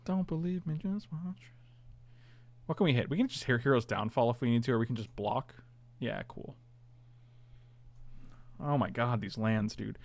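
A man's voice: mid-range voice, moderate pace, vocal fry, long pauses, no room sound. A man casually commentating his own online card game, chatty and self-mocking, groaning at his bad draws.

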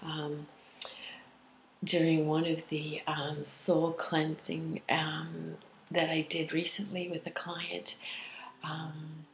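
A woman with a low voice talks earnestly as a spiritual healer, rambling and drifting in and out of soft half-whispers. Her voice rings a little in an echoey room, with a faint hum of ambience behind her. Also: completely flat delivery, slow. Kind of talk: casual spiritual vlog talk.

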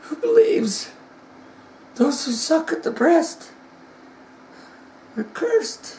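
A man preaching a dramatic sermon, retelling the story with passion and swinging from hushed tones to shouting. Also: very high voice, very animated, drawn-out words, slight background noise. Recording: echoey room.

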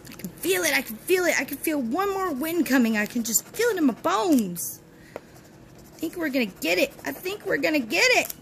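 A high, bright woman's voice with plenty of swing in the pitch, talking in a chatty, cheerful way to her viewers. She hosts a lottery scratch-off channel from home and keeps cheering each ticket on. A faint hum sits behind her. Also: very animated, moderate pace, gravelly. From Texas. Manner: chatty and cheerful, chanting encouragement to herself. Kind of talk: casual chat to viewers while scratching tickets. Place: at home, with dogs nearby.

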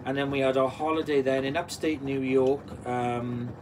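A Welsh man in his forties hosts a live stream, reading viewer comments aloud and answering them one by one. His voice sits at an ordinary pitch, and there is a faint background hiss. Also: fairly even intonation, moderate pace. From Wales. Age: 40s. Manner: chatty, reads out and answers comments. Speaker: channel host.

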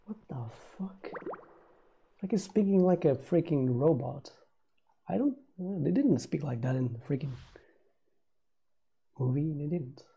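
Dark-voiced man cursing over gameplay. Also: fairly high pitch, unhurried, vocal fry, long pauses, slightly rough, lo-fi sound. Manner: profane, laughing reactions to the game. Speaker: gameplay commentator. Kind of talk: casual let's-play commentary. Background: game music.

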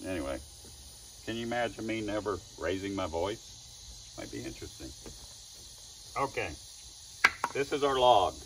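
Folksy middle-aged carver, lowish voice, chuckling storyteller, mic set well back outdoors with faint noise. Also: male voice, animated, measured pace, pauses often, recorded from a distance. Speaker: chainsaw woodcarver. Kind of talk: casual storytelling demo.

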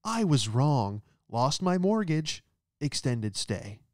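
A man doing the voice of a down-and-out guy in a mock TV commercial, with a loud, deadpan pitchman delivery. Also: takes it slowly, no room sound, clean studio sound. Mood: boastful.

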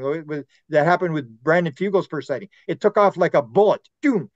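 A man talking as a podcast guest, rambling and animated as he tells stories and acts out quotes. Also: on the high side, brisk, few pauses, no echo, dull audio. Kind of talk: podcast conversation.

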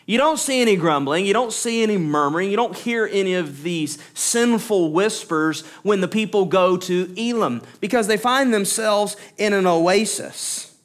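A male pastor with a high voice preaches through scripture verse by verse. He leans on repeated words for emphasis and turns to explain points plainly to his listeners. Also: moderate pace, few pauses. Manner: explains points directly to the congregation. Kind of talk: verse-by-verse expository sermon.

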